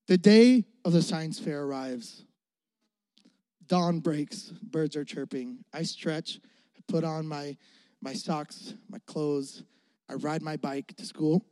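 A young male pastor tells a comic story from the pulpit, animated and jokey, acting out the voices of his younger self. His voice sits high for a man, and the recording is dry and close with little room sound. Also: no room sound. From Florida.

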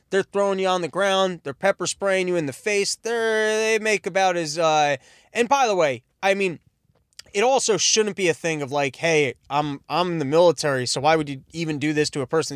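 Sarcastic guy rambling on a podcast, kinda high voice, dry close sound. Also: a bit bright, dry recording. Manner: rambling, sarcastic, self-interrupting. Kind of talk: rambling comedic monologue.

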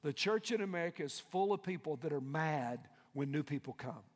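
A male pastor preaching a fervent sermon in a large church auditorium. He swings from hushed asides to loud shouts and keeps asking the congregation to respond. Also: a little high, animated, fairly quick. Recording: long hall reverb.

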